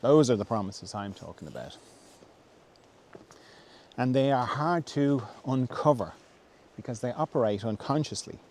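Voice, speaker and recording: A man answering a viewer's question in a gentle, reflective talk. He thinks aloud with pauses and restarts. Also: mid-range voice, expressive. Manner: softly acts out quoted voices, dropping to a whisper. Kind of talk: reflective spoken talk on self-help.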